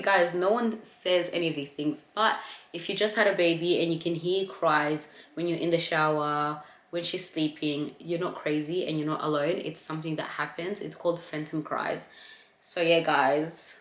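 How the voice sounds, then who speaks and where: A young woman vlogging about her postpartum experience in a candid, chatty way, talking straight to her viewers. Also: low-pitched. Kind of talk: casual chat to camera. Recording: echoey room.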